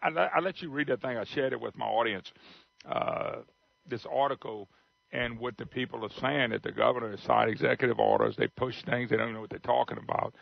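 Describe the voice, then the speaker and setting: A man's voice: mid-range voice, fairly quick, vocal fry, dry recording. A man hosting a talk radio show, blunt and folksy in casual on-air chat. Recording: dull radio broadcast sound.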